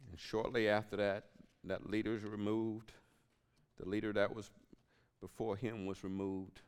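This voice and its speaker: A man's voice: lowish voice, flat delivery, a little slow, clean tone. A man preaching a sermon as pastor, telling a personal story and dropping to whispered asides. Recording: long hall reverb.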